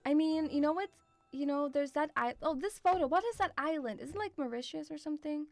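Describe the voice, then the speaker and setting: A woman's voice: high-pitched, fairly quick, darkish tone, dry recording, faint music behind. A young woman chatting on a stream, rambling with lots of fillers and swearing. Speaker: VTuber streamer. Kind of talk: casual stream chat.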